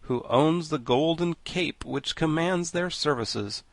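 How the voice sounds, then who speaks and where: Man voicing a gentle, thoughtful scarecrow king. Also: a little high, takes it slowly, no room sound, pitched above the performer's own voice. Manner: kindly, reflective, soothing.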